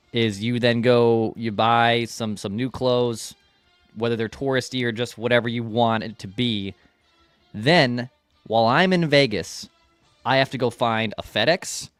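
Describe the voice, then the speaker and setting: A man's voice: medium pitch, fairly bright tone, clean tone, no echo, faint music behind. Dry-sounding joking male co-host. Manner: joking interjections, quick rants. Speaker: podcast co-host. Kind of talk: casual sports podcast banter.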